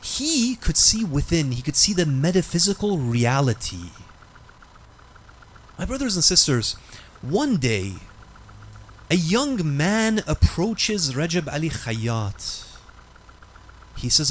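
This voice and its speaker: A man preaches in a mosque, telling a moral story with dramatic emphasis. His voice is high and lively, rising and falling across a wide range, with faint noise behind him. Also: slow pace, pauses often. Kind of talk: sermon storytelling.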